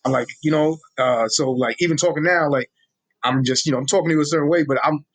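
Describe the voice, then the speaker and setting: A man's voice: on the high side, quick pace. A young man with a New York accent, talking casually and with energy as an interview guest, often restarting his words. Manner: animated, street-casual, repeats and restarts words. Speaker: guest, social media Tolkien explainer.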